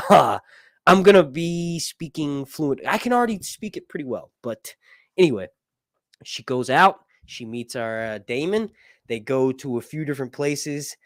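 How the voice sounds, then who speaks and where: A man hosting a live show, chatting casually through a reaction and analysis, rambling and excitable, swearing freely and laughing often. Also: on the high side, unhurried, no echo, clean studio sound. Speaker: livestream show host.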